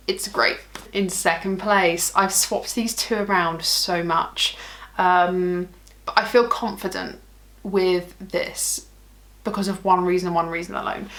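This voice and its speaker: A woman's voice: medium pitch, fairly bright tone. A woman beauty vlogger in a casual, bubbly chat who gushes about products and jokes at her own expense. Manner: gushing, bubbly, self-mocking.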